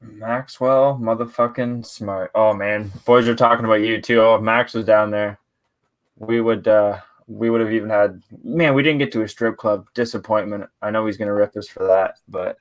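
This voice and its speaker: A fairly low-pitched man from Canada hosts a casual podcast chat. He is laid-back and swears freely, and he often breaks into laughter. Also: fairly even intonation, moderate pace. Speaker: podcast host.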